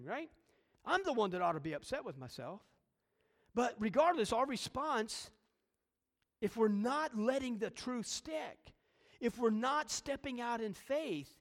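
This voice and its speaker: A pastor preaching a sermon, emphatic and full of rhetorical questions and repeated phrases. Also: male voice, sits high, in a large hall.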